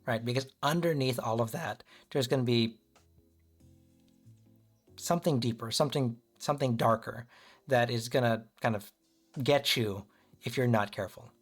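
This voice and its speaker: A man's voice: mid-range voice, moderate pace, pauses often, soft background music. A man giving a casual tarot reading on a livestream, talking loosely and checking in with listeners. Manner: loose and chatty, peppered with "kind of" and "right?". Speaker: tarot reader and streamer.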